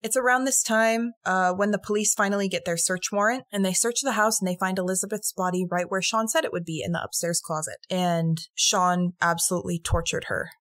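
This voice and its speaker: A woman's voice: mid-range voice, fairly even intonation, brisk, hardly any pauses, fairly bright tone, no room sound. A woman co-hosting a true-crime podcast, telling the case casually, acting out quotes and swearing. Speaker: podcast co-host.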